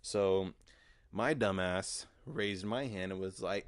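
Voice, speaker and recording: Brief: young male podcaster, low voice, dry close mic, rambling and profane with lots of "uh" and "like". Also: slow pace, dry recording. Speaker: podcast host. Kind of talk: casual storytelling monologue.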